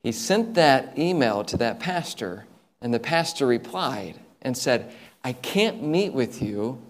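A man preaching a sermon as an animated story, acting out the lines of the people in it. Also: mid-range voice, takes it slowly.

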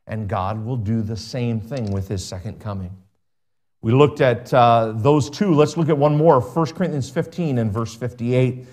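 Man, pastor, sermon, slow stressed words, soft phrase endings, middle pitch. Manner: preaching with slow emphatic stretches and soft drops.

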